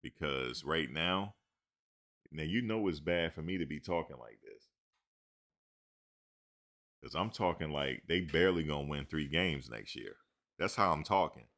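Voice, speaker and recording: A man's voice: rumbling low, expressive, a little slow, pauses often, fairly bright tone. A man hosting a sports talk show, rambling casually with slang and joking asides.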